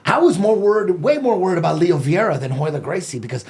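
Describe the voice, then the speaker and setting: High, gravelly man telling a story. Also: fast. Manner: animated, profane, acts out his own past thoughts. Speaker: podcast guest. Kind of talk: casual storytelling.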